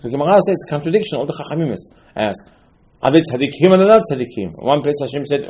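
A man's voice: medium pitch, sing-song, fast, dark tone. A man teaching Talmud in an informal lecture, telling stories animatedly, asking rhetorical questions and often restarting his sentences.

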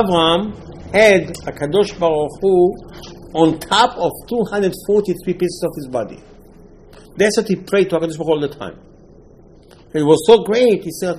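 A man's voice: a little high, a little hiss or hum, low-quality recording. A man, a rabbi, giving an impassioned Torah lecture in broken English, acting out the dialogue as he goes. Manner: animated, acts out dialogue, broken English grammar.

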